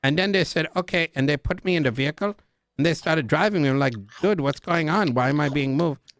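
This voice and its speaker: A young man playing a roleplay character tells a long, rambling story, saying "like" and "dude" over and over as he acts out the other people in it. His voice sits a bit high for a man. The sound is close and dry, with no room around it. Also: fairly quick, fairly bright tone, no echo.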